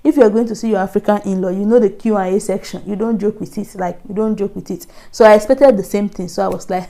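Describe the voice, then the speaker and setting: A young woman with a Nigerian accent tells a personal story to her viewers, chatty and laughing often. Her voice has a gravelly, fry-edged texture and a warm, mellow tone. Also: mid-range voice, steady tone, fast, few pauses. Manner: chatty, laughing often, many "like, you know" fillers. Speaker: vlogger. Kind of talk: casual storytelling vlog.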